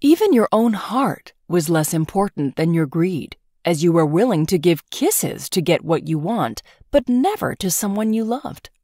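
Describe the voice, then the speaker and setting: A woman voicing a proud young male prince in a storybook read-aloud, scolding in a measured, formal way. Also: on the low side, sing-song, warm tone, no room sound, clean studio sound. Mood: reproachful. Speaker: storybook reader.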